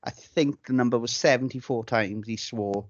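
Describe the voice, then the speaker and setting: Chatty, sweary podcast host. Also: male voice, medium pitch, moderate pace, no echo, highs cut off. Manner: chatty, swears freely, tells anecdotes with relish. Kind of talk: casual podcast banter.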